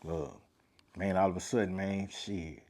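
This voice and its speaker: A man's voice: low voice, a little slow. Slangy, profane man telling a story. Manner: loose slangy delivery, heavy filler phrases, profane; animated, rising louder in tense moments. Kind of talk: casual personal storytelling.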